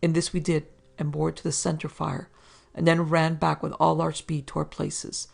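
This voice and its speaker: Very gravelly woman reading a horror tale. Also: low voice. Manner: steady, measured reading of old-fashioned prose. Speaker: podcast narrator. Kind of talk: scripted horror story narration.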